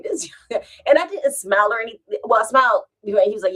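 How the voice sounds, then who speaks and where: A woman's voice: medium pitch, quick pace. A woman vlogger, chatting casually at home and telling a rambling story with frequent laughs. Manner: animated, rambling, laughs often.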